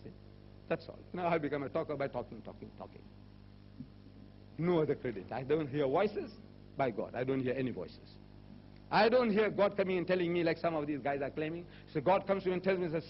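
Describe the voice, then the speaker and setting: Man lecturing on religion, lively rising and falling pitch, rhetorical questions, dull lo-fi recording with faint hum. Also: fairly quick. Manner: rhetorical, animated, with repeated questions and mocking quoted voices. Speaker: Muslim lecturer.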